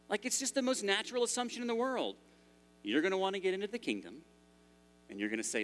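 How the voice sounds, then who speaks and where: A man's voice: high voice, sing-song, brisk, pauses often, fairly bright tone. A man preaching a sermon in a church as pastor, in a conversational style with frequent restarts.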